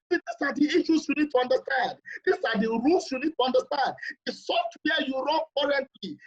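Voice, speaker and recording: Male seminar lecturer, husky, insistent and quizzing, muffled online recording. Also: very high voice, fairly bright tone. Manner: emphatic, repetitive, quizzes listeners. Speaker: seminar speaker. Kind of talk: motivational seminar talk.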